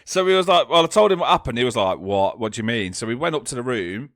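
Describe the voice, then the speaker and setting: A young man, telling a ghost story in casual podcast chat, swearing freely and laughing loudly. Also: medium pitch, sing-song, quick pace, no echo, studio quality. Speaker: podcast co-host.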